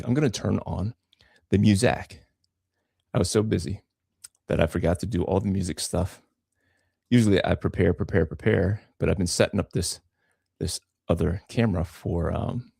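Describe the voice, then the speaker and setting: Slightly winded, a man chats casually on his live draw stream from home, a comic artist full of filler words and repetition. He speaks at a moderate pace with long pauses, in a low, mellow, husky voice with vocal fry, and the recording is dry and studio-clean.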